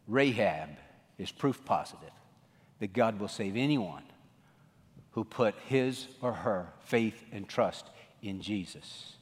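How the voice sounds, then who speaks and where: A male pastor preaching a sermon, swinging from loud outbursts to hushed lines. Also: on the low side, expressive, slow pace, long reverb tail.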